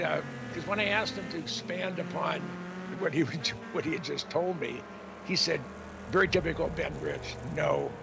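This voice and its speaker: A man's voice: fairly high pitch, gravelly. An older man as a guest on a radio talk show, speaking candidly and rambling a little, with chuckles between thoughts. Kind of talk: radio interview. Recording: noisy radio broadcast.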